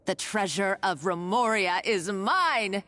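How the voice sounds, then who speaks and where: A woman's voice: mid-range voice, slow, fairly bright tone, slight background noise. A woman voicing a scheming treasure hunter in a video game, with a theatrical, gloating villain delivery.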